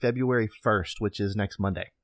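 A man's voice: fairly low pitch, moderate pace, no echo. A man co-hosting a casual podcast, talking in a laid-back, chuckling way. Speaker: podcast co-host.

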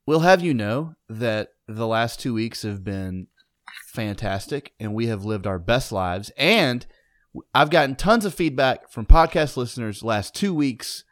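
A male podcast co-host whose pitch moves a lot as he talks. He trades mock-offended banter in casual sports chat, with a middle-range voice. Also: lively intonation, unhurried, dry recording, studio quality.

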